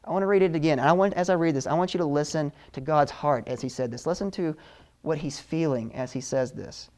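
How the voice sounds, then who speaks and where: A man preaching a sermon in an earnest, emotional way, slowing down with heavy pauses for emphasis. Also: on the high side, darkish tone.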